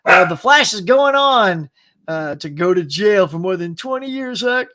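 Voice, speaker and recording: A man's voice: sits high, lively intonation, measured pace, bright, forceful tone. Man, casual movie chat host, chatty, laughs a lot, dog barking nearby. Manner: chatty, laughs often, talks to his dog. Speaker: pop culture show host.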